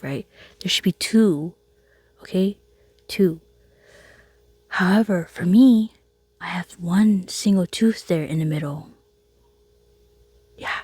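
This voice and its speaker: A low, husky woman's voice telling a casual storytime, chatty and quick to laugh. She often slips into a soft whisper. The sound is close and dry, with no room around it. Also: no echo. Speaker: vlogger.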